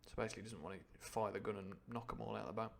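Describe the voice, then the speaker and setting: A man's voice: lowish voice, steady tone, very fast, gravelly. A man hosts a live storytelling stream, reading an old adventure novel aloud. He keeps stopping to unpack the text in a playful, irreverent, conversational way, then goes back to the narration. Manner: playful, irreverent, breaks off to explain. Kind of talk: book reading with chatty asides.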